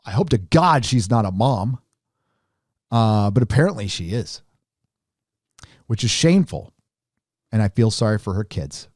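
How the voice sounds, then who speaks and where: A man's voice: mid-range voice, a little mellow, dry recording, clean studio sound. A middle-aged man hosting a casual commentary show, talking in a sarcastic, mocking way. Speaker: host.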